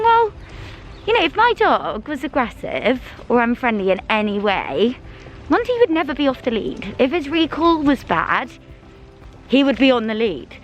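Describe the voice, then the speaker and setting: An English woman chatting casually in a vlog, gushing and full of fillers, and cooing at her dog in a high baby voice. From England. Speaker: vlogger.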